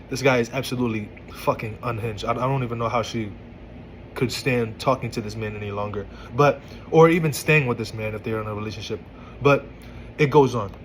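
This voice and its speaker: Man, casual commentary, exasperated, stammers, mid-pitched voice, faint background hiss. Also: rough recording. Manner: exasperated, stammering restarts, incredulous. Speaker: commentator reading text messages.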